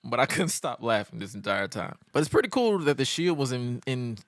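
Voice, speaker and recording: A man co-hosting a podcast, recapping events in a casual, animated way and often laughing. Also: mid-range voice, a little fast, no echo, clean studio sound. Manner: animated, laughs often, bursts into loud mimicking voices. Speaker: podcast co-host reviewing wrestling. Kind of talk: casual recap with acted-out quotes.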